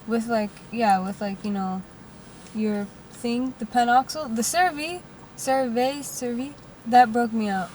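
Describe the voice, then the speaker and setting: A woman's voice: a little high, fairly even intonation, measured pace, a little mellow, far from the mic, a little hiss or hum, rough recording. A young woman co-hosting a podcast in a car, talking casually with fillers and a bit of swearing. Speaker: podcast co-host. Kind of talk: casual chat. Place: inside a car.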